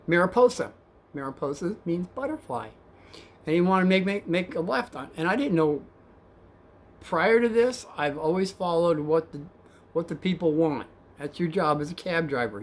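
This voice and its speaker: A man who used to drive a cab, telling a story casually and softly, with a rambling manner and calling his viewers kids. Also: on the high side. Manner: soft-spoken and rambling, addresses viewers as kids.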